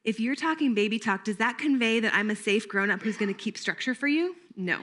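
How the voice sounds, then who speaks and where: Woman trainer, higher-pitched, bright tone, chatty workshop delivery. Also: fairly quick, hardly any pauses. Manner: lively, conversational, engages audience with questions. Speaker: camp staff trainer.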